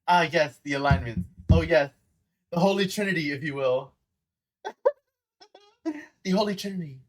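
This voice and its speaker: A man's voice: on the high side, normal speed. A man streaming a game, chatting playfully and greeting his viewers as he plays. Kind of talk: casual gaming livestream chat. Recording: steady background noise.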